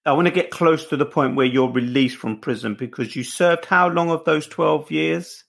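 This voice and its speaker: Gravelly man asking interview questions. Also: fairly high pitch, moderate pace, fairly bright tone.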